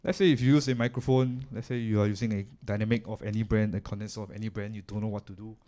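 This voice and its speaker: At a live event, a man with a Singaporean accent chews gum while casually explaining audio gear in a technical demonstration. His voice is fairly low and warm, moving at a quick pace with fairly even intonation.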